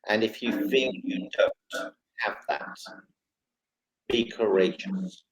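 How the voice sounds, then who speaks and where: A man, a guest on a talk show, telling a personal story with lively, dramatic retelling and quoted dialogue. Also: lowish voice, slow, long pauses, dull audio. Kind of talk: emotional storytelling.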